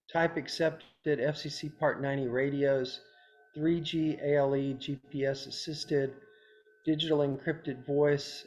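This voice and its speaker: A man's voice: mid-range voice, a little mellow. Plainspoken male presenter on a call. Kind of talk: Zoom meeting discussion. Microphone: video call.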